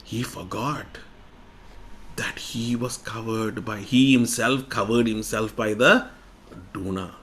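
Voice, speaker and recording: A man who is a spiritual teacher telling a story in a discourse, animated and acting out voices, sometimes dropping to a hush. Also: on the low side, takes it slowly, slight background noise.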